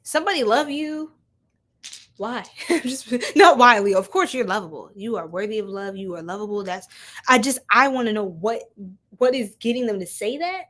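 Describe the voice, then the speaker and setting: A woman's voice: mid-range voice, animated, normal speed, fairly bright tone. A young woman giving a chatty live-stream tarot reading, laughing often and talking straight to her viewers in slang. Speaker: tarot reader.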